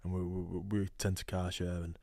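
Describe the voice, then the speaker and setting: A man's voice: sits low, little pitch movement, fast talker, creaky, warm tone, no echo. A man with a thick Yorkshire accent, a rugby player guest telling stories in a casual studio chat, laughing often and repeating words as he talks. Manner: chatty storyteller with frequent laughs and repeated words. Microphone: studio microphone.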